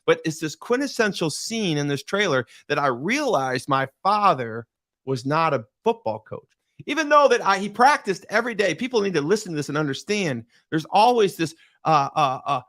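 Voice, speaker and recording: A middle-aged man from Michigan tells a personal story as a podcast guest, building to impassioned peaks and repeating key words. His voice sits a little high, and the recording is dry and close with no room sound. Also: a bit bright, dry recording. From Michigan, USA. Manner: impassioned, dramatic pauses, repeats for emphasis. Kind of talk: emotional storytelling in conversation.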